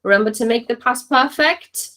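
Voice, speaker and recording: A woman's voice: a little high, normal speed, bright, forceful tone, poor audio. A woman teaching a class to exam students, keeping it light and encouraging and checking in with "okay?" after nearly every point. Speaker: English teacher.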